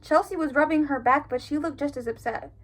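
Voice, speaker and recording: A woman's voice: high-pitched, brisk, a bit bright. A young woman reading her old childhood stories aloud and breaking off for sarcastic, giggly, incredulous asides. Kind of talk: reading aloud with running commentary.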